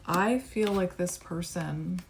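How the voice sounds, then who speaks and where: A woman with a lowish voice gives a tarot reading straight to the camera. She muses aloud over each card in a reflective, unhurried way. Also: vocal fry, very noisy. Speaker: tarot reader.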